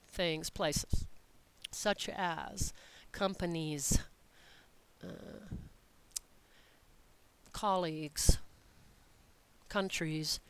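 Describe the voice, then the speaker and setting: Through poor audio, a mid-range voice belongs to a Spanish teacher walking through grammar step by step in a recorded lesson. Patient and methodical, the teacher reads example sentences slowly and clearly.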